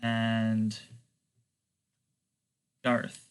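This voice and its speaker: A man narrating and running a tabletop game as game master, relaxed and unhurried, with fillers. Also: lowish voice, smooth.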